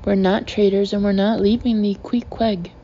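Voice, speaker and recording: A woman's voice: mid-range voice, flat delivery, moderate pace, warm tone, muffled recording, a little hiss or hum, close to an everyday voice. A woman voicing a firm, protective young female inventor in a storybook reading. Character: determined young woman inventor, older sister.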